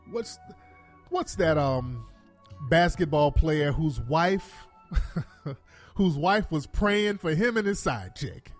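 Animated, cursing man commentator. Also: a little high. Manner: animated, profane, laughing asides. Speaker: commentary host. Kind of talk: casual commentary.

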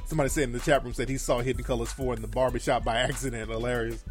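A man's voice: medium pitch, steady tone, rapid-fire, faint music behind. A man hosting a call-in livestream show, delivering blunt, profane, emphatic commentary that repeats its key phrases for force.

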